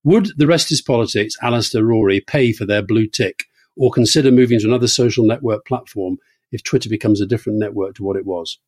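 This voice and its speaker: A man's voice: on the low side, fast, a little mellow, no room sound. A middle-aged man co-hosting a podcast, teasing, dry and blunt as he reads questions. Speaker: podcast co-host. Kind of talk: casual podcast chat.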